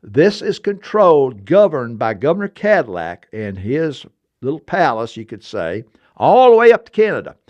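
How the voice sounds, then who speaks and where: An older man in his seventies hosts a casual chat and spins long, digressive stories. His delivery is animated and emphatic, and his pitch swings widely as he talks, leaping up for the punch lines and dropping back down for the asides. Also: moderate pace, muffled recording. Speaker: podcast host.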